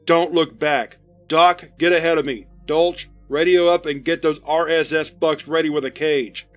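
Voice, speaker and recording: Casting: man reading a tough squad leader, clipped orders, fairly high voice, faint music behind. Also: fairly even intonation, moderate pace, lightly acted. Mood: commanding. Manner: commanding, terse, profane. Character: gruff squad leader barking orders, male.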